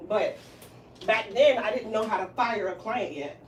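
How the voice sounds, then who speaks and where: A woman's voice: medium pitch, a little slow, distant mic. A woman who runs a hair salon, telling a story in casual chat and acting out the lines of the people in it, with frequent laughter. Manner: animated, acts out quoted lines, laughs often. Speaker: hairstylist and salon owner. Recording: roomy room, voice from off mic, faint hiss.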